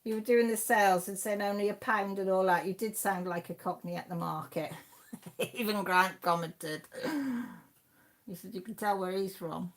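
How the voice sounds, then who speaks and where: Livestream host: Welsh woman, 50s, chatty, mid-pitched, reads the chat aloud with frequent laughs. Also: steady tone, moderate pace. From Wales. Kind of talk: casual chat reading viewer comments.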